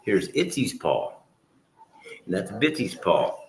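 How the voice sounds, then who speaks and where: This middle-aged man talks slowly in a lowish but very animated voice. Livestreaming with his dogs, he rambles casually, curses now and then, and at times switches to loud scolding and praying.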